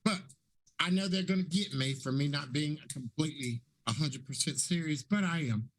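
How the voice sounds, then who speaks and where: A raspy man in his fifties speaks on a panel in a fairly high voice. He is effusive and preachy and repeats his phrases for emphasis. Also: normal speed, a bit bright. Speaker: panelist and talk show host. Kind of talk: casual panel talk.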